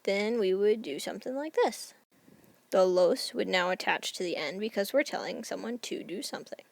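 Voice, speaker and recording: A woman's voice: mid-range voice, brisk, vocal fry, no echo. A woman teacher explaining grammar rules in a patient, step-by-step recorded lesson. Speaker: Spanish teacher.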